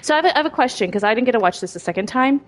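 A woman's voice: on the high side, animated, racing. Wry, blunt woman on a podcast. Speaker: podcast co-host. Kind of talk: casual chat.

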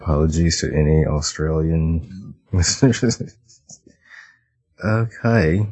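A man's voice: very deep voice, takes it slowly, darkish tone, husky. A man hosting a podcast in casual chat, jokey and given to giggling. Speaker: podcast host.

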